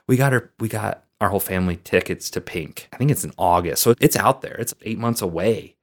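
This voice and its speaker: A man's voice: sits low, fairly quick, hardly any pauses. A man hosting a motivational podcast as a coach, talking earnestly and encouragingly straight to his listeners. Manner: earnest, encouraging, lively emphasis.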